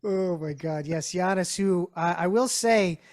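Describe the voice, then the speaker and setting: A man's voice: sits high, a little slow, a little mellow. A man from Canada co-hosting a podcast, introducing a guest and teasing him in casual chat. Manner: teasing, playful. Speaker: podcast co-host.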